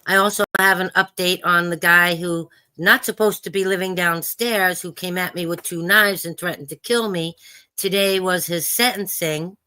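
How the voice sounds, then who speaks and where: Blunt Brooklyn Italian woman, bright voice. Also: on the low side, steady tone, moderate pace, no echo. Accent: Brooklyn Italian-American New York. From New York. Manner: blunt, insistent. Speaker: guest. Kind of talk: casual call-in chat.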